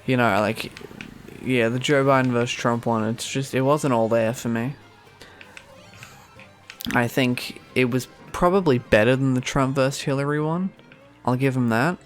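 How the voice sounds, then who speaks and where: A man's voice: mid-range voice, moderate pace, faint music behind. A young Australian man streaming a game, rambling sarcastically with many fillers. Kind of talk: casual gaming commentary.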